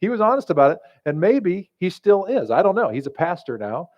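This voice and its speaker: A male pastor preaching in a relaxed, conversational way, with jokes and stories woven in. His voice is somewhat higher than most men's. The recording is slightly muffled. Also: a little fast. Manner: conversational, joking storyteller. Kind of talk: sermon.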